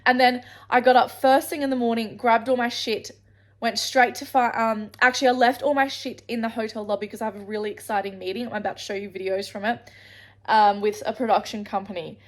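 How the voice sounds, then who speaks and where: Brisk and a little high, with a steady tone, this Australian woman tells a rambling travel story straight to camera in a vlog. She swears freely and keeps restarting her sentences halfway.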